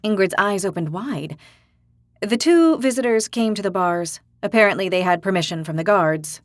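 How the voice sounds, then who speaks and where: A woman narrator reading a fantasy audiobook in a steady storytelling manner. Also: medium pitch, normal speed, dry recording, clean studio sound. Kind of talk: scripted narration.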